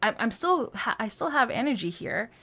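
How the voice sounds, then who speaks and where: Lively, high-voiced woman vocal coach. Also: normal speed. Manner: explains step by step, breaking phrases into notes; conversational, frequent "right?" and "um". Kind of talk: singing lesson.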